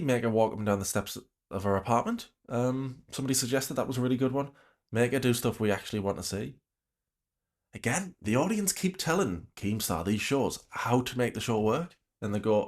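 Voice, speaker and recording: A man's voice: medium pitch, animated, a little fast. A man reacting to a livestream, talking bluntly with an exasperated, ranting manner. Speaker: reaction commentator.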